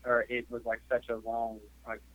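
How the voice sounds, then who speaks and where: A man hosts a podcast in an easygoing, conversational way. His voice sits in an ordinary middle pitch, and his sentences wander with plenty of "like" and "you know." The recording sounds a little dull and lo-fi. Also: monotone, normal speed, fairly bright tone. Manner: rambling, heavy on "like" and "you know". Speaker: podcast host. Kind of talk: casual conversational storytelling.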